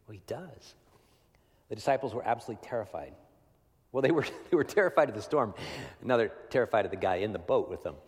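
A man preaching a sermon in a conversational way, often asking "right?" and swinging between loud emphasis and hushed, near-whispered lines. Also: on the low side, lively intonation, quick pace. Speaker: pastor. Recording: long hall reverb.

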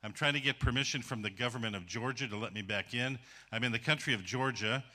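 A man's voice: medium pitch, fast, bright, forceful tone. A man missionary preaching in a folksy, casual way and often saying "man.". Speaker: missionary guest speaker. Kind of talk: sermon.

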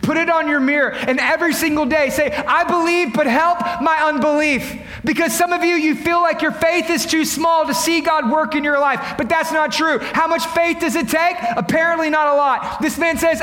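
High-pitched guy preaching all fired up, echoey big church hall. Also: normal speed, hardly any pauses. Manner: impassioned, dramatic, acts out quotes, builds to shouts. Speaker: pastor. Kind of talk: sermon.

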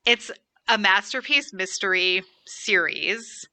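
A woman's voice: medium pitch, animated, slow, sharp tone, dry recording. A woman co-hosting a podcast, chatting casually with lots of "like" fillers. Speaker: podcast co-host. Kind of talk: casual chat.

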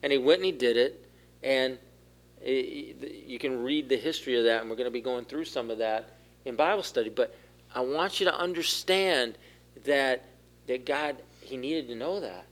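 A man giving a sermon as pastor, asking the congregation questions and growing louder at the key points. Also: medium pitch, normal speed. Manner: asks the room questions, rises in force for key points. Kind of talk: interactive sermon.

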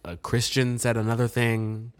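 A man's voice: mid-range voice, monotone, moderate pace, smooth. A young man co-hosting a casual podcast, talking in a rambling, jokey way with lots of fillers. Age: young adult. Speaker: podcast co-host. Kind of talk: casual chat.

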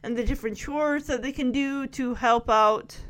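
A woman casually recapping a TV episode into a close microphone, animated and often laughing. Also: high-pitched, normal speed. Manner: animated, laughs often, acts out characters' lines. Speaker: video host recapping a TV episode. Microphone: close desk microphone.

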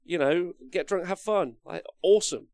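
Man, young, livestream host, gravelly voice, dry close sound, rambling and sweary. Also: high-pitched, normal speed, a little mellow, no room sound. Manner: rambling, swears freely, laughs and reads chat aloud. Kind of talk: casual livestream chat.

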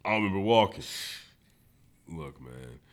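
Deep-voiced laid-back male podcast host. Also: lively intonation, moderate pace, gravelly. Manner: laid-back slang-heavy storytelling, gets high-pitched when laughing. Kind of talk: casual chat.

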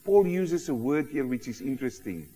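A man preaching a sermon, emphatic and animated, often asking rhetorical questions of the congregation. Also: mid-range voice, moderate pace, husky. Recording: long hall reverb.

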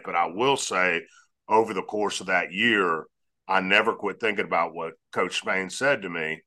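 Deep bright-toned man. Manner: measured, earnest storytelling. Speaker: guest. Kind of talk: storytelling interview answer.

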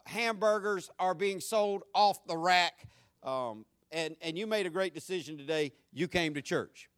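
A man's voice: high-pitched, fairly bright tone, no echo, studio quality. A middle-aged man with a Southern US accent, preaching a sermon earnestly and building to fiery emphasis. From North Florida, US. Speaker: pastor.

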